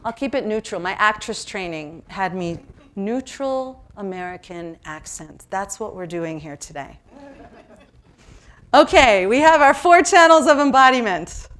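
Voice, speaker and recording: A woman from New York leading an interactive seminar, talking lively and asking the audience questions. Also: medium pitch, measured pace. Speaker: workshop presenter.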